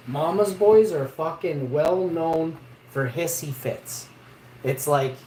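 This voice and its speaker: A man telling a rough, profane story in a blunt, casual way as a vlogger. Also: on the high side, warm tone, a little hiss or hum. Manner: blunt and profane, peppered with "eh" and "you know". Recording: roomy echo.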